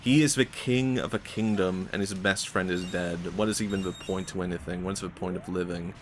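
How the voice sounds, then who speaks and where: A man voicing a grief-stricken ancient king who mutters low and swears in frustration. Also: fairly even intonation, normal speed, noisy background, natural voice. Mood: subdued, cocky.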